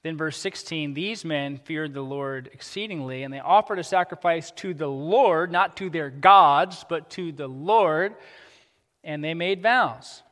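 A man preaching a sermon as pastor, animated and acting out the characters he quotes. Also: a little high, a little slow, long reverb tail.

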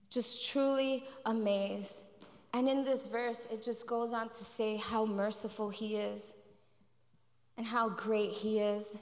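A woman preaching a sermon in a church, telling her testimony with passion and repeating her phrases. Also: mid-range voice. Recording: reverberant hall.

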